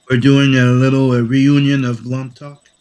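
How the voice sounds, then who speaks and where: Guy with a cough chatting loose while he draws, rambly, swears some. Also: medium pitch. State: sick with a cough. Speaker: comic artist streaming. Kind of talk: casual stream chat while drawing.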